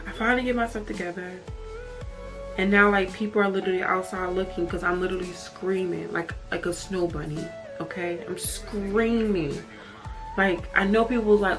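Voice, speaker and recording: A woman's voice: medium pitch, fairly even intonation, normal speed, over music. A woman telling a personal story in a storytime vlog, emotional and candid, swearing and saying "like" often. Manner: emotional, candid, heavy use of "like" and profanity. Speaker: vlogger.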